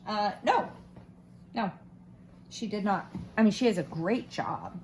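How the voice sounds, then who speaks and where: Unhurried and medium-pitched, she's a woman in her thirties or forties with a faint Southern Florida twang who chats as she crafts for her vlog. Her talk wanders, pokes fun at herself, and leans on lots of fillers, with slight noise in the background.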